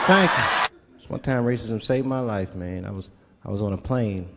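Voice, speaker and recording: A man's voice: medium pitch, expressive, a bit bright, in a large hall. A male stand-up comedian telling stories in a loose style and drawing out his punchlines. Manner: loose, storytelling delivery with drawn-out punchlines. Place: comedy stage before a live audience. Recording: live stage recording with crowd and noise. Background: audience laughter.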